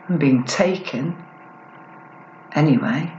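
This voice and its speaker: A woman performing spoken-word poetry in a slow, deliberate, expressive way at a live gig. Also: deep voice, roomy sound, muffled recording, a little hiss or hum. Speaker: performance poet.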